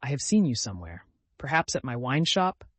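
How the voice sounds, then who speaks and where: A man's voice: medium pitch, very animated, brisk, fairly bright tone, slightly rough, no echo. A man voicing a reserved, stern male wine-shop keeper in his late forties, speaking in a curt, mechanical way.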